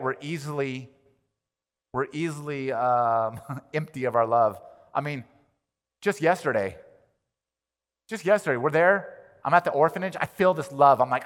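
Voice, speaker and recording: A male pastor delivering a sermon, animated, swinging from loud emphatic lines to quiet ones. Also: mid-range voice. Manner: animated, rises and drops in volume for emphasis. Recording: long reverb of a large hall.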